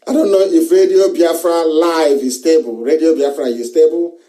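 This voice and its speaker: A political broadcaster with a Nigerian accent delivers a live monologue in a mellow, rather high voice, keeping a fairly even intonation at a moderate pace. He repeats phrases for emphasis and chuckles between lines. The sound is roomy, with the mic placed at a distance.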